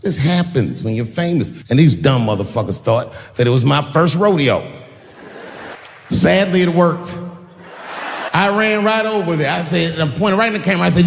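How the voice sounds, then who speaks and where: Lively male comedian on a reverberant stage. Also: sits high, moderate pace, gravelly, a little hiss or hum. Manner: lively, punchy delivery with acted-out voices. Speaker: stand-up comedian. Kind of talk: stand-up comedy set.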